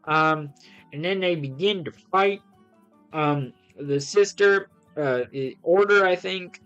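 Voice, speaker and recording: A man casually reviewing comics on a live stream, excitable and rambling with lots of ums and restarts. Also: on the high side, takes it slowly, clean tone, muffled recording, soft background music.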